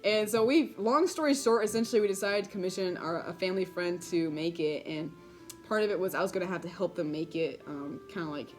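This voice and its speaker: A young woman in a casual vlog, bubbly and giggly, filling her story with "like" and laughter, excited and caffeinated. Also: fairly low pitch, a little fast, soft background music. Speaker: vlogger.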